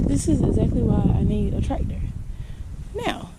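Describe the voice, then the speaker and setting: A woman's voice: mid-range voice, expressive, normal speed. A woman vlogging casually from her farm, talking straight to viewers while getting over the flu and coughing. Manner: chatty, talks straight to viewers. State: out of breath. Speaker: farmer vlogger. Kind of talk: casual vlog narration. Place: outdoors on a farm. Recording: loud outdoor noise.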